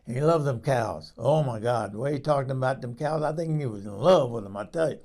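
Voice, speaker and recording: A man playing Eunice, a gravelly 78-year-old gossip. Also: medium pitch, fairly quick, darkish tone, natural voice. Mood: fond, rambling. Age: 78 (figure). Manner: folksy, salty, rambling storyteller with many restarts. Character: rambling 78-year-old woman recalling her husbands. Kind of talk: comedic character monologue.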